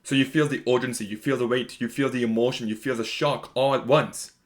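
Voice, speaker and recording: A young man at an average pitch talks straight to the camera in a casual video review. He is emphatic and conversational and leans on fillers as he makes his points. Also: steady tone, brisk. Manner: emphatic, conversational, lots of "like" and "you know".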